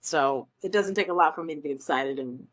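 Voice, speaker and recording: A woman's voice: sits low, a little fast. A woman from Nebraska, a Broadway performer, telling stories in a chatty, enthusiastic way as an interview guest, with frequent ums. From Omaha, Nebraska, US. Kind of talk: casual interview chat.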